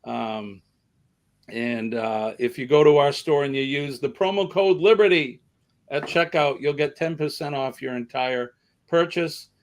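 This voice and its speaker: Southern US man, live-stream host, gravelly voice, chatty and rambling. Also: a little high, measured pace. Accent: American Southern. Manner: rambling, chatty, many fillers. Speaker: livestream host. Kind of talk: casual live-stream chat.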